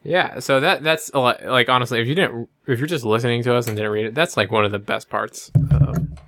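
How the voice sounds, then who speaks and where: A man's voice: medium pitch, fairly quick, a bit bright, no room sound. A man co-hosting a casual book discussion podcast, recapping chapters in a rambling way with many fillers. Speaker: podcast co-host.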